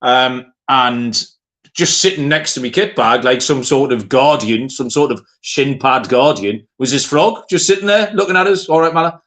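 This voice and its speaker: Jokey podcast host. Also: male voice, mid-range voice, lively intonation, moderate pace, a bit bright. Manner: jokey, laughs easily, rambling asides. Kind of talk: casual podcast chat.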